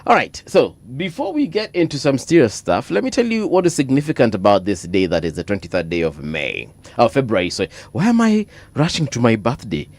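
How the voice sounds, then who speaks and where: Lively Kenyan man hosting radio. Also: mid-range voice, fairly quick, few pauses. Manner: lively, laughs often, mixes in Swahili. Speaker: radio breakfast show host. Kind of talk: casual bilingual radio chat. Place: radio studio.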